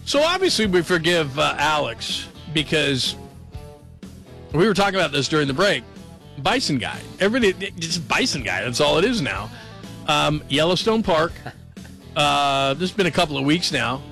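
Male late-night sports radio host, gravelly edge, bright tone, chatty and joking. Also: on the high side, very animated, normal speed, soft background music. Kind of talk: casual radio talk.

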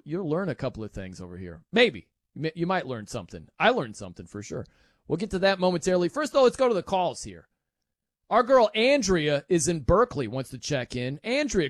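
A man hosting a sports talk radio show, chatty and animated, laughing often. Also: on the high side, dry recording.

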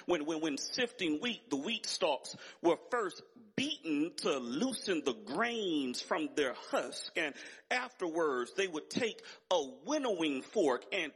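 A man's voice: a little high, big pitch swings, slow, fairly bright tone, breathy edge. A man preaching a sermon as pastor, emphatic and building in intensity, with repeated phrases.

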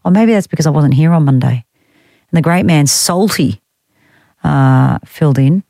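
A woman's voice: low voice, animated, moderate pace, vocal fry, dark tone, dry recording. Chatty Australian woman radio host. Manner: chatty, wry and teasing, reads out listener texts. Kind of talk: casual talkback radio chat. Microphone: studio microphone.

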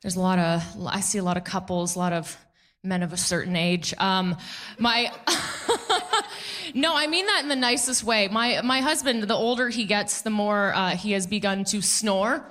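Bright-voiced woman doing stand-up. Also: mid-range voice. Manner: animated, laughing at her own jokes, quick asides to the crowd. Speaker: stand-up comedian. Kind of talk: stand-up comedy set. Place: comedy club stage with audience.

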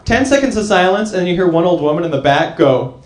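A man's voice: high voice, animated, fast. A young man doing a rambling stand-up comedy set at a club, filling his talk with "like" and "you know". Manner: loose rambling delivery with lots of "like" and "you know". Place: comedy club stage with live audience. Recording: echoey live room with crowd.

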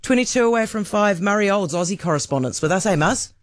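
A woman's voice: medium pitch, lively intonation, dry recording, clean studio sound. Chatty New Zealand radio host woman. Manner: chatty, wry, quick asides. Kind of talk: casual news talk radio.

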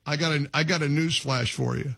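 A man hosting talk radio on a close studio mic. His voice is husky and slightly high for a man, and the sound is very dry. He is animated, repeats words as he goes, and laughs quickly. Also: dry recording. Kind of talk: talk radio with live ad reads.

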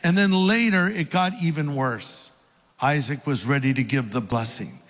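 A man's voice: mid-range voice, normal speed, a bit bright. An older man and pastor preaching a sermon, telling stories with folksy, self-deprecating humor. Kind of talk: sermon with storytelling. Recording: long hall reverb.

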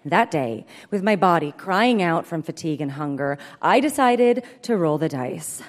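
A woman performing a comic story reading live, in a brisk, deadpan manner, heard in an echoey hall. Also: fairly low pitch. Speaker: comedic storyteller.

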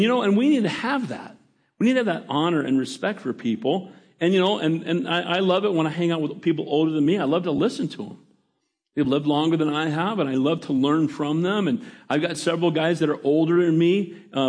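A man's voice: a little high, fairly quick, a little mellow. A middle-aged male pastor preaching a folksy sermon, reading scripture and asking the congregation for amens.

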